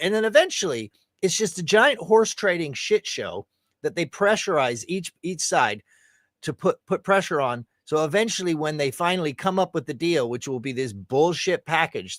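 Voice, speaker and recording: A man's voice: on the high side, a bit bright, no echo. A middle-aged man from the United States giving ranting political commentary, profane and sarcastic, acting out the people he quotes. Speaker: show host.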